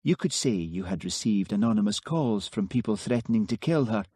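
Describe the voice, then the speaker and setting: A man reading a calm, soft-spoken young Highland woman astrologer, with a soft lilting Highland accent. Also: brisk, slightly rough, no echo, clean studio sound. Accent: Scottish Highland. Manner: calm, quietly knowing.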